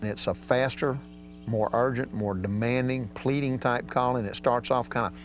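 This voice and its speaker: Soft music plays behind a man with a steady, medium-pitched voice who talks at normal speed. In a folksy drawl with casual grammar, he teaches duck calling as outdoor hunting instruction, recorded with slightly dull sound and a faint hum.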